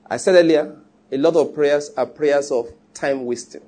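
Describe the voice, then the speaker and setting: A pastor delivers a sermon in a slightly raised, husky voice. His tone stays mellow and dark even as he presses his points home. He teases his listeners and repeats himself for emphasis. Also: fairly high pitch, moderate pace. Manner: emphatic, teasing preaching with repetition.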